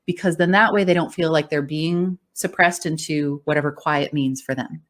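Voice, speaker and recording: A woman's voice: low-pitched, a little fast, hardly any pauses. A woman voice coach and speech-language pathologist, explaining in a conversational interview with an encouraging, upbeat manner and frequent laughter.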